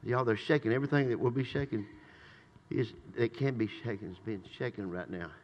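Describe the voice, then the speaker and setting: Preacher in an echoing church. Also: male voice, brisk, lo-fi sound, slight background noise. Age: older. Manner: swings from shouted praise to low conversational asides. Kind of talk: sermon. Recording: long reverb in a church hall.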